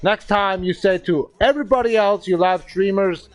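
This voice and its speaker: A man's voice: high-pitched, normal speed, dry recording, faint music behind. A man from Bavaria with a German accent, ranting profanely and hurling insults at another player during a gaming livestream. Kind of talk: angry livestream rant.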